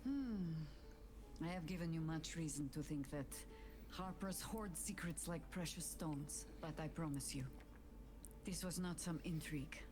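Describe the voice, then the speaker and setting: An actress playing a weathered, stern older ranger who speaks in a measured, grave way. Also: female voice, low-pitched, music in the background.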